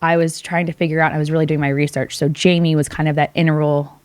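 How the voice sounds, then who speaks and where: A woman's voice: deep voice, level tone, fast talker, a little mellow, clean tone, no echo. A woman on a podcast, telling a personal story with feeling and acting out both sides of the conversations. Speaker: podcast co-host. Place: podcast studio.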